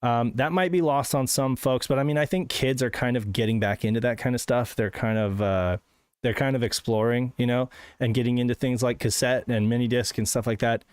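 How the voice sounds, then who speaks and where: A man's voice: mid-range voice, steady tone, a little fast, smooth, no echo. Reflective man talking, dry close sound. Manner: thoughtful, reflective, adds "you know" and "right". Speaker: show co-host. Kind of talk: casual chat on a live show.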